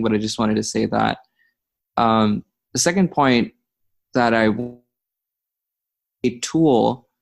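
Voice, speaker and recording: A man in a study group discussion, speaking slowly and reflectively, often pausing and restarting as he searches for words. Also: on the low side.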